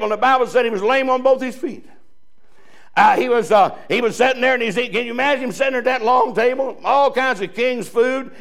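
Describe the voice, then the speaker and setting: A male pastor preaching a sermon in a folksy, joking way, full of restarts and chuckles. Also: sits high. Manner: folksy, joking preaching with laughs and repeated starts.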